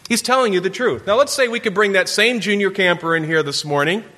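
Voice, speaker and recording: A man's voice: sits high, fast, bright, forceful tone. Man preaching a sermon in a reverberant hall. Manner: storytelling with playful camper impressions. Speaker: pastor.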